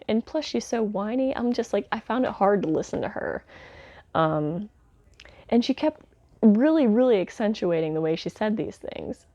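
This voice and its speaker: A woman's voice: medium pitch, lively intonation, moderate pace, mellow, no echo, lo-fi sound. A woman giving a casual spoken film review, chatty and candid, with lots of fillers like "um" and "like". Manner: candid, mildly sardonic asides. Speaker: home video reviewer.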